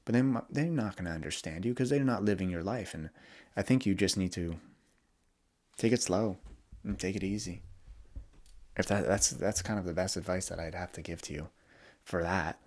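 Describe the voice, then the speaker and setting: A young man hosting a podcast, talking candidly and vulnerably in a reflective monologue, often halting and restarting. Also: low-pitched, a little mellow. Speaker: podcast host.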